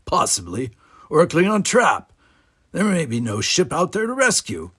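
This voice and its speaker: A man reading aloud, voicing a young cadet captain who sounds calm and firm in a storybook reading. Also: on the high side, normal speed, husky, pitched above the performer's own voice, heavily acted.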